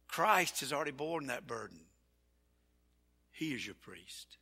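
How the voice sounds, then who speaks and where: A man preaching a sermon as pastor, folksy and animated, repeating his phrases. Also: medium pitch, a little slow, creaky, pauses often, breathy edge. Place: church sanctuary. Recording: church hall reverb.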